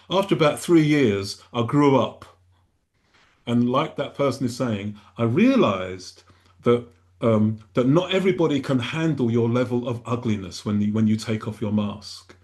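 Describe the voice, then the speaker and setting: A man's voice: medium pitch, normal speed, darkish tone. A male pastor talking earnestly on a radio panel, rambling and often restarting his sentences.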